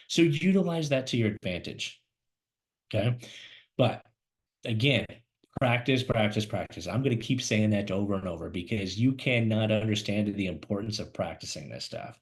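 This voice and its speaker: A man teaching job seekers to camera as a career coach, fast-talking and emphatic, animated and gesturing as he speaks. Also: on the low side. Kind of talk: energetic instructional talk to camera. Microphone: camera mic, speaking to camera.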